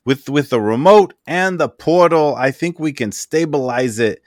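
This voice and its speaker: A man voicing an excitable, rambling male inventor who stammers as he talks. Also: fairly high pitch, normal speed, no room sound, studio quality, pitched above the performer's own voice, lightly acted. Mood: excited, eager. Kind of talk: voicing a character in a tabletop game.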